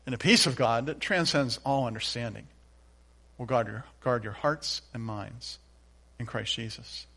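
A pastor preaching a sermon, reading scripture aloud with emphatic repeated refrains. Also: male voice, medium pitch, measured pace, pushed and bright, breathy edge.

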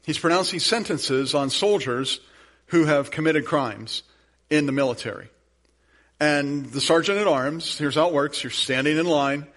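A man pastor giving a sermon, telling a story in a casual conversational way before leading a soft prayer. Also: on the high side, measured pace.

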